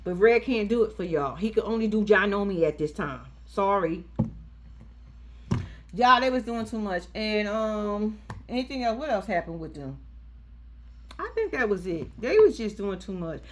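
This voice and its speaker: A woman's voice: medium pitch, moderate pace, a little hiss or hum. A woman giving casual, profane, sassy commentary recapping a reality TV episode, acting out the people in it. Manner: sassy, profane, animated storytelling.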